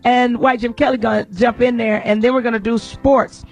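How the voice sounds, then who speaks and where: A woman hosting a radio talk show, bantering and laughing loudly with her co-hosts in a studio. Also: fairly high pitch, steady tone, moderate pace, soft background music. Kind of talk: loud, joking radio talk.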